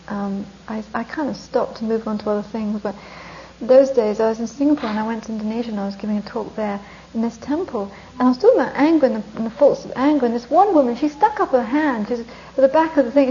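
A woman's voice: a little high, dark tone, muffled recording. A woman teaching Buddhist meditation in an informal dharma talk, chatting conversationally, laughing often and asking rhetorical questions.

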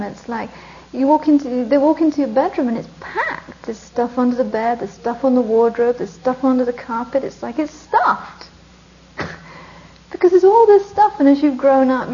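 A woman with a fairly high but mellow, soft-edged voice gives a relaxed Buddhist dharma talk. She keeps it conversational, tosses in rhetorical questions and laughs easily as she teaches. The recording is dull and lo-fi.

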